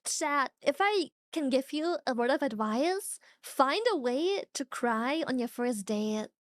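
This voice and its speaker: A young woman streaming, chatting casually with viewers, animated, swearing often and laughing a lot. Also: high voice, measured pace, no echo, studio quality. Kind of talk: casual chat reacting to viewers.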